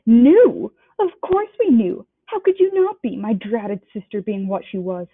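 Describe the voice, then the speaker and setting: A woman's voice: very animated, unhurried, slightly rough, no room sound, heavily acted. Aunt Petunia, a woman playing a shrieking bitter aunt. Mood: shrill, ranting. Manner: shrieking, ranting in a high pitch. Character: shrill bitter middle-aged aunt, resentful. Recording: dry, tinny phone-like sound.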